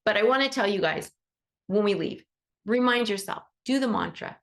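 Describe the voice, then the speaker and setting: On a group support call she is hosting, a chatty animal Reiki teacher speaks in a creaky, medium-pitched voice at a moderate pace. Animated and affirming, she acts out bits of dialogue while offering casual, motivational encouragement.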